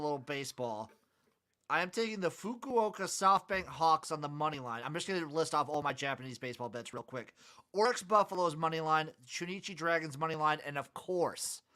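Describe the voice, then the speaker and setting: A man co-hosting a casual sports betting podcast, listing his picks with dry, deadpan jokes. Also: fairly high pitch, brisk. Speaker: podcast co-host.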